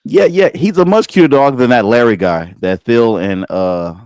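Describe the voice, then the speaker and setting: A man's voice: lowish voice, moderate pace, clear, resonant tone, no echo. Joking man on a dry home mic. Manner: joking, animated storytelling with stammered restarts. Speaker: podcast co-host. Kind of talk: casual wrestling chat.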